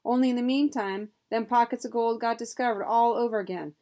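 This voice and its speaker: A foxy frontier scoundrel who pulls teeth, speaking in a low, sly mutter. A woman voices him in a storybook reading. He sounds crafty. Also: fairly even intonation, brisk, dark tone, natural voice. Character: shifty, foxy frontier scoundrel dentist, a man.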